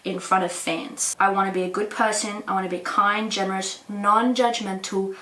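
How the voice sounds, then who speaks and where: A woman in her twenties giving an emphatic, energetic motivational talk to camera, coaching her viewers directly. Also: medium pitch, normal speed. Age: 20s. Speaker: vlogger. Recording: roomy echo from a distance.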